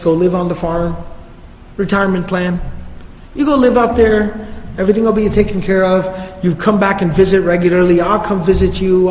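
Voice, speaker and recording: A patient leader talks a frustrated old friend down in relaxed, slangy phrasing, as a male lecturer acts him out. The voice sits fairly high and rings through a big reverberant hall. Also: lightly acted. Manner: reasoning, gently persuasive, casual slang.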